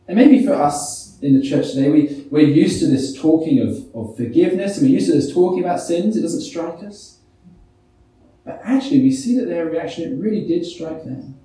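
A man's voice: fairly high pitch, animated, normal speed, warm tone. A man preaching a sermon, reading scripture and putting many rhetorical questions to the congregation. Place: church. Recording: echoey church hall, mic from a distance.

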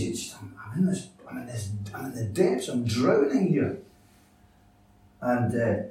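A man preaches with earnest, halting sincerity, often restarting his sentences as he works through a point. His voice is mellow and sits a touch high, and it is picked up from a distance in a very echoey church. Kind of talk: sermon.

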